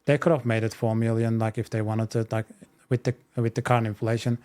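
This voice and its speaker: A man with a mid-range voice chats casually as a podcast co-host. He speaks haltingly, padding his thoughts with "like", "you know" and "uh". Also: medium pitch, flat delivery, darkish tone. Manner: hesitant, full of "like", "you know" and "uh". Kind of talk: casual gaming podcast chat.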